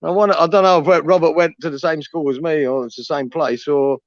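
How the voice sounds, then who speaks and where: A man's voice: on the high side, steady tone, a little fast, dry recording. Bantering man, muffled recording. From East London. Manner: swearing, bantering. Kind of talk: casual chat. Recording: dry muffled lo-fi audio.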